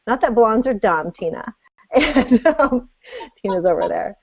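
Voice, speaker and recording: A woman's voice: fairly high pitch, lively intonation, a little slow, darkish tone, breathy edge, dry recording, muffled recording. A woman guest on a web show, giving chatty, emphatic business advice with lots of "like" and restarts. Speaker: guest, author and business coach. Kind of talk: casual interview on a web show.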